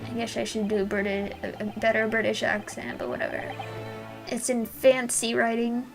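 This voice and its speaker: A woman's voice: fairly high pitch, little pitch movement, moderate pace, gravelly. A woman giving casual let's-play commentary as a gaming YouTuber, chatty and self-deprecating. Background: game music.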